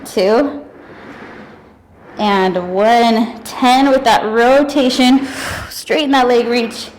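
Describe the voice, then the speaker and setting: In poor audio with slight background noise, a young woman with a fairly high voice speaks extremely slowly as she coaches a workout. She counts down, cheers and whoops energetically, at times winded.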